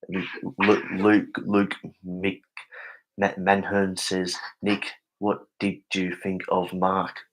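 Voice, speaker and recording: An Australian man hosts a casual late-night live stream, stammering as he reads chat messages aloud and keeping his voice down because people are sleeping. His voice is low and completely flat, he takes his time, and the audio quality is poor.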